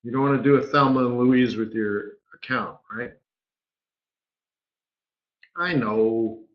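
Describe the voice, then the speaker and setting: A man's voice: mid-range voice, fairly even intonation, takes it slowly. A man, a forex market strategist, talking casually through a live trading webinar and tossing in rhetorical "right?" questions. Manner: chatty, keeps asking rhetorical "right?". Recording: dull lo-fi webinar audio.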